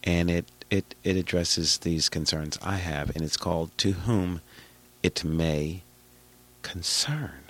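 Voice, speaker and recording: Man, radio DJ, extremely deep voice, husky and raspy, hoarse from a cold, chatty with sudden loud bursts. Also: fairly even intonation, measured pace. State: hoarse, getting over a cold. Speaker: radio host and DJ. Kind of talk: casual radio chat.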